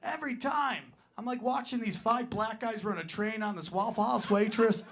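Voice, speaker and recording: High-voiced man doing crude stand-up. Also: normal speed. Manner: crude, rambling storytelling with lots of "right?" asides. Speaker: stand-up comedian. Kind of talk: stand-up comedy set. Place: comedy club stage. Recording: live club recording with crowd laughter and noise. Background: audience laughing and clapping.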